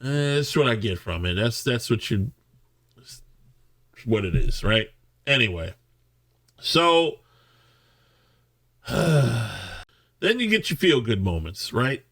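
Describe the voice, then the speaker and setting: A man reviews a film in a loose, rambling way, peppering his rant with curses and sarcastic asides. His voice sits at an ordinary middle pitch. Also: big pitch swings, slow pace, vocal fry, pauses often, fairly bright tone. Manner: profane, sarcastic ranting. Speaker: movie reviewer.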